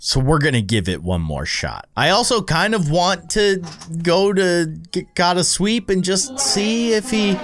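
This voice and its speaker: A man in his thirties hosting a let's-play at home, excitably gasping and laughing as he comments on a scary game. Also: high-pitched, a little slow, a little hiss or hum. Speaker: gaming video host. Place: home with his young son nearby.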